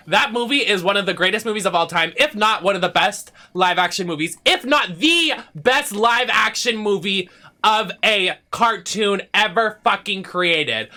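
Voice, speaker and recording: Bright-voiced dramatic young man ranting. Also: high voice, animated, normal speed. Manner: dramatic, swears a lot, swings from shouting to muttering. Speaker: streamer playing a video game. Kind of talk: casual rant while gaming.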